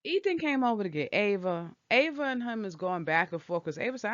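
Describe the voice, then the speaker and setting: A woman's voice: medium pitch, big pitch swings, quick pace, hardly any pauses, dry recording. A woman casually recapping a soap opera episode, talking back at the characters with strong opinions. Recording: dull lo-fi dry recording.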